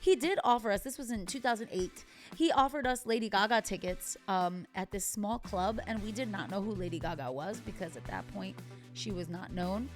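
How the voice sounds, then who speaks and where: A woman's voice: mid-range voice, moderate pace, soft background music. A woman in her thirties casually recapping and reacting to a TV episode, chatty and wry, with playful asides. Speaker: TV recap vlogger.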